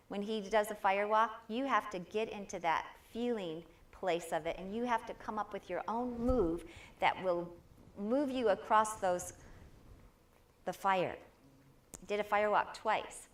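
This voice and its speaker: A woman giving a live inspirational talk at a spiritual center, lively and encouraging, prompting the audience to answer back. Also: mid-range voice, measured pace.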